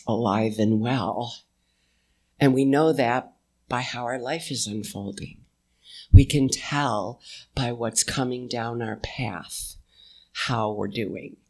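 Slow-paced folksy spiritual speaker, conversational, pauses to let ideas land. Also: mid-range voice. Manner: folksy, uses "y'all". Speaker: inspirational speaker. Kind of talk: spiritual talk to a live audience.

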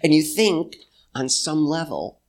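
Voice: mid-range voice, expressive, a little mellow. A speaker giving a spiritual talk to a live audience, reflective and conversational, with a folksy manner. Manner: slow, reflective, conversational, with pauses; folksy, uses "y'all". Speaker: inspirational speaker.

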